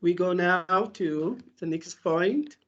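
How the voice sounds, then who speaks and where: A woman's voice: lowish voice, takes it slowly, highs cut off. A woman teaching English pronunciation in a webinar lecture, repeating example words over and over like a drill.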